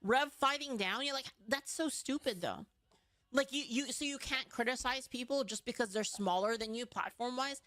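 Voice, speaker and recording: A woman gives blunt opinion commentary, scornful and casually profane. Her voice sits a little high, and the recording is dry and close with no room sound. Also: normal speed, hardly any pauses, bright, forceful tone, dry recording. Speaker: commentator in a played clip.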